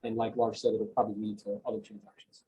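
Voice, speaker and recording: A man's voice: fairly low pitch, level tone, quick pace, dark tone, a little hiss or hum, poor audio. A man giving an emphatic, motivational coaching talk on a video call, often checking in with "right?". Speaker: real estate coach, guest on a video call.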